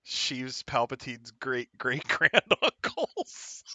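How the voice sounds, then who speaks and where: Animated, laughing game master man. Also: medium pitch, slow, no room sound. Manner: laughs often, animated and playful. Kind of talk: narrating a live tabletop game.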